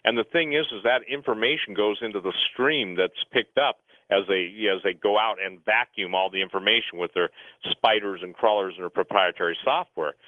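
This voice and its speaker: A man's voice: lowish voice, a little fast, no echo. A man talking at length as a guest on talk radio, rambling and urgent, often restarting his sentences. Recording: phone-line radio sound, dry.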